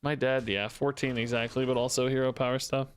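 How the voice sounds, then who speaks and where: A man's voice: medium pitch, flat delivery, a little fast, clear, resonant tone. A young man streaming a card game, chatting to his viewers in a loose, self-mocking way and laughing often. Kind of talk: casual gameplay commentary.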